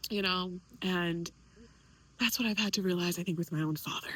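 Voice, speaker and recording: A young woman speaking candidly in a personal vlog, emotional and animated, quoting others in lively voices. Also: lowish voice, moderate pace, poor audio. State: tearful at times. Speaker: vlogger.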